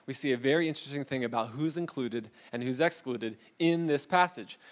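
A man from California preaching a casual, conversational sermon to a congregation in the room, loose and chatty with lots of asides. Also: on the high side. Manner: relaxed, chatty, many "like"s and asides. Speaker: pastor.

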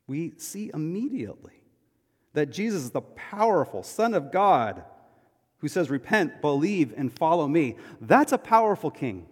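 A male pastor delivering a sermon, emphatic, moving between loud declarations and hushed, quiet passages. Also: a little high, husky. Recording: long hall reverb.

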